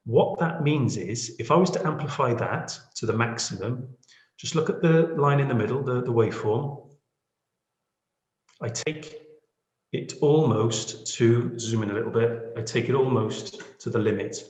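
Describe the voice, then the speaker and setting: A man's voice: mid-range voice, moderate pace, darkish tone. Man, podcast tutor, self-deprecating, keeps asking "okay?"; roomy echo. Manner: chatty and self-deprecating, checks in with "okay?" and "yeah?". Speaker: podcast lead teaching audio editing. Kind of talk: screen-share editing tutorial. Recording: echoey room.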